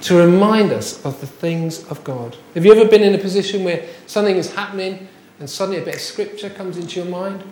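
A man's voice: high-pitched, quick pace, a little mellow, reverberant. A man preaching a sermon, chatty and full of rhetorical questions. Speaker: pastor.

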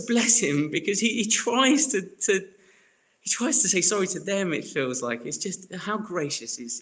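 A young adult man, preaching a sermon in an earnest way that swings between soft reflection and emphatic bursts. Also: high voice. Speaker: pastor.

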